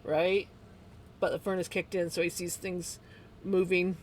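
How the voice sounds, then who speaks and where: A woman chatting casually on a crafting livestream, laughing often and cooing softly at her pet. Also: lowish voice, level tone, measured pace, slight background noise. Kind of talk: casual chat.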